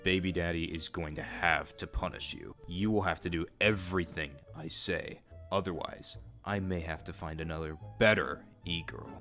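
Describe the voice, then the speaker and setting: A narrator voicing a manipulative older man who coaxes and threatens in a low voice. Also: steady tone, moderate pace, a bit bright, faint music behind. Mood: menacing. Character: manipulative, menacing older male groomer.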